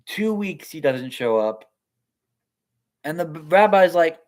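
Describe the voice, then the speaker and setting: A man telling a story in a talk, animated and acting out the characters. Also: fairly high pitch, slow, long pauses. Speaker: speaker.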